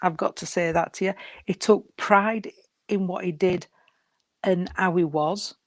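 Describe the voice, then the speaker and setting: A woman giving a spirit reading to a sitter, gentle and unhurried, often calling her sweetheart and darling. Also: on the low side, steady tone, no room sound. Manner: unhurried, halting delivery. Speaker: psychic medium.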